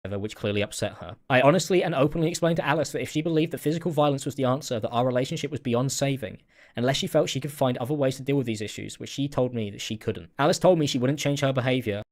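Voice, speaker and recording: A man reading out a prepared written statement in a measured, formal, self-justifying way. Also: mid-range voice.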